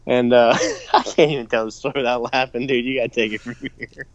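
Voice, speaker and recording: A man's voice: mid-range voice, brisk, dry recording, dull audio. A man in his thirties, chatting casually as a podcast co-host, telling stories with lots of energy and frequent laughter. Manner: animated storyteller, laughs often. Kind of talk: casual chat.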